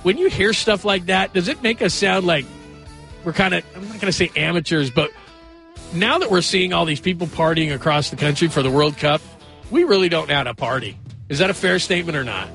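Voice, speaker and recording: A man hosts a sports radio show in an easygoing, chatty way. His voice sits a bit high and carries a gravelly edge. He wanders through his stories with casual asides. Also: a little fast, a bit bright, faint music behind. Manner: chatty, rambling, eager to joke around.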